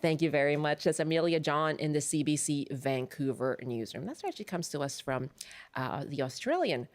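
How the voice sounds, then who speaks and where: A woman's voice: deep voice, animated, fairly quick. A woman hosting a public radio show, friendly and chatty, laughing easily with her guests. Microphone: studio microphone.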